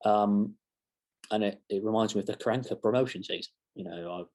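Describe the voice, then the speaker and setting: A man's voice: lowish voice, fairly quick, darkish tone. A young man giving a casual football match reaction to camera, rambling with self-mocking asides. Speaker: fan channel presenter.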